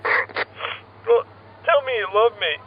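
A man's voice: extremely high pitch, huge pitch swings, takes it slowly, highs cut off, noisy background, exaggerated voice. An actor playing a sensitive, needy male skiff driver who talks in a whiny, hurt way. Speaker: skiff man.

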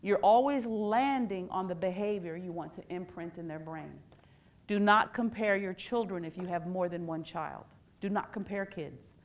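Woman, middle-aged, workshop speaker, animated, playful, quizzes the crowd. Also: lowish voice, normal speed. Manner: animated and playful, asks the audience questions. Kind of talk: lively workshop talk to a live audience.

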